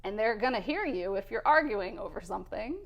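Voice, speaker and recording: A woman in her thirties, a cath lab nurse, telling an emotional story in a candid, animated way during an interview. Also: mid-range voice, a little fast, lo-fi sound.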